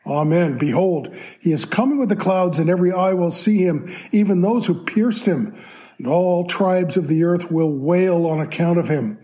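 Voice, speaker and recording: A man hosting a podcast and teaching a live Bible class, speaking in a measured way with pauses, reading scripture aloud. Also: sits high, dark tone. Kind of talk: slow, deliberate Bible teaching.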